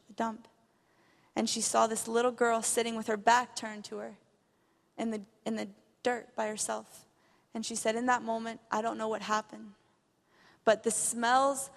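A young woman shares an earnest missionary testimony in a church hall, becoming impassioned as she recounts a story. Her voice is a little high and creaky, echoing in the large hall.

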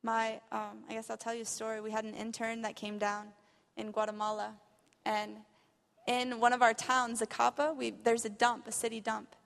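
A woman's voice: on the high side, little pitch movement, normal speed, vocal fry, fairly bright tone. Earnest young woman preaching in a hall. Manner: earnest, builds to impassioned. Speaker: missionary speaker. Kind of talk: testimony sermon. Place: church hall.

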